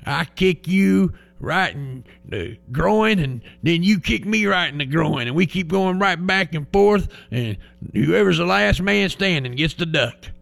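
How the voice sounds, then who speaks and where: Man doing a slow, sly farmer. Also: a little high, animated, vocal fry, fairly bright tone, exaggerated voice. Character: big country farmer man, sly and unbudging.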